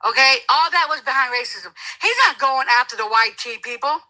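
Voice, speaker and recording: A woman with a high, ringing, very bright voice talks politics in a heated chat. She preaches and mocks, hammering her points home through repetition. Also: brisk, low-quality recording. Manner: emphatic, preachy, mocking, repeats herself. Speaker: guest commentator.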